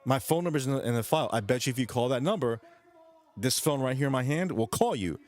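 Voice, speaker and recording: A young man from New York vents straight to the camera in a profane, agitated rant. He circles back and repeats himself. His voice sits in an ordinary middle pitch. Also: expressive, fast. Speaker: vlogger. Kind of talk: ranting vlog monologue.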